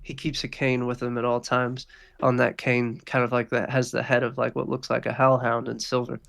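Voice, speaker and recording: A man's voice: mid-range voice, completely flat delivery, normal speed, creaky, a bit bright. A man running a tabletop game as dungeon master, narrating loosely with many fillers and restarts.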